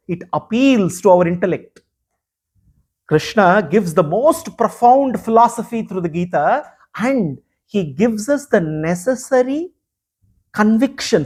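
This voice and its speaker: A man teaching as a spiritual teacher in a live discourse, speaking earnestly and emphatically with frequent pauses. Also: high-pitched, darkish tone, husky. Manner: earnest, emphatic, pausing often.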